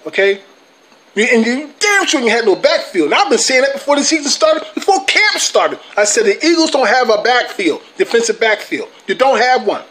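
A man with a high-pitched voice rants at rival fans in a vlog. He is profane and taunting, loops back over the same points, and keeps tagging his lines with "bro" and "okay". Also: big pitch swings, fairly quick, sharp tone, a little hiss or hum. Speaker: sports vlogger, Cowboys fan. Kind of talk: heated fan rant to camera.

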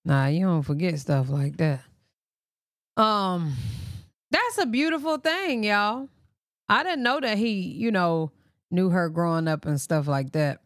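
A woman's voice: on the low side, lively intonation, a little slow, no room sound, clean studio sound. A woman hosting a live reaction stream, chatting casually and talking to her viewers as y'all. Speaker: livestream reaction host.

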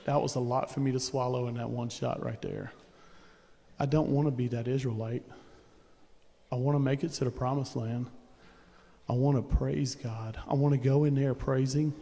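A male preacher with a drawl talks through his sermon in a folksy, conversational way. His voice is dark and mellow, and it rings out with a long reverb through the church sanctuary. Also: mid-range voice, steady tone, moderate pace.

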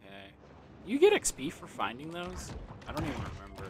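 A man's voice: medium pitch, huge pitch swings, a little fast, noisy background. A tipsy man rambling through casual game commentary, swearing and laughing at himself. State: tipsy from drinking. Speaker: let's play gamer.

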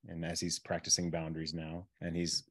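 A man with a very low, deep voice coaching on relationships. He talks in an animated way and slips into little acted-out example phrases as he explains. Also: brisk. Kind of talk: coaching conversation.

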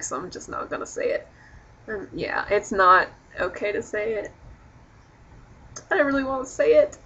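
A woman's voice: medium pitch, sharp tone, dull audio. A young woman chatting casually in a rambling vlog, sprinkling in swear words. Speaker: vlogger.

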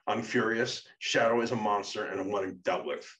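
A man reading aloud voices an angry young man who rants loudly about his brother. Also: fairly low pitch, fairly even intonation, moderate pace, close to an everyday voice. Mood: furious. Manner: loud, heated, ranting. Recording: muffled, distant mic.

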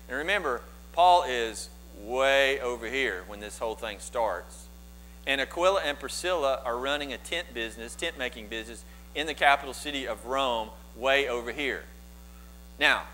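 A pastor preaching a sermon, telling the story with lively, animated asides. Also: male voice, medium pitch, poor audio. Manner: animated storytelling, voices biblical figures in asides.

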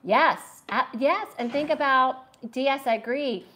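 A middle-aged American woman hosts a casual cooking livestream from her home kitchen, chopping as she chats with viewers. Her high voice is unhurried with a sharp tone, and she chattily answers comments while cooking.

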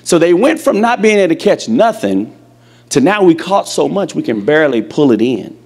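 A male preacher with a slightly raised, gravelly voice delivers an emphatic sermon. He tells his story with animation and throws questions straight at the congregation. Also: fairly high pitch, big pitch swings, moderate pace, darkish tone.

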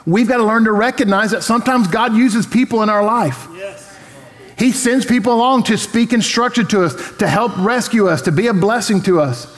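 A man's voice: high voice, normal speed. A man with a Texan accent preaching a sermon as a pastor, telling a story and acting out its voices. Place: large church hall. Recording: reverberant hall with faint music.

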